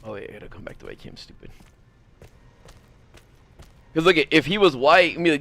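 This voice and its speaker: A man giving casual, joking commentary while he plays a video game, often bursting into loud exclamations. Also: fairly high pitch, sing-song, fairly quick, gravelly, long pauses. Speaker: gameplay streamer. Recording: noisy background.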